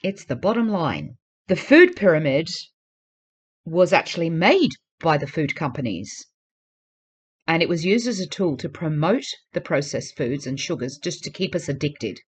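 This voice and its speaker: A woman's voice: low voice, very animated, moderate pace, slightly rough. Earnest, urging woman vlogger. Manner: earnest, urging, repeats pleas for emphasis. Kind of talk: casual talk to camera.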